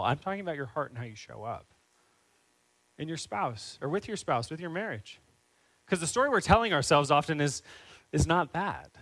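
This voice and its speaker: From the pulpit, a pastor preaches in a somewhat raised, higher-pitched voice, speaking earnestly before building into fervent, pressing questions. The voice is a bit bright and the audio poor.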